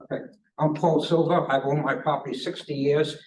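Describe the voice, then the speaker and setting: A man's voice: fairly high pitch, steady tone, darkish tone, far from the mic, slight background noise, poor audio. Older man rambling from across a room. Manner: rambling, anecdotal, halting restarts. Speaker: public commenter. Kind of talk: public comment at a hearing. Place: government conference room.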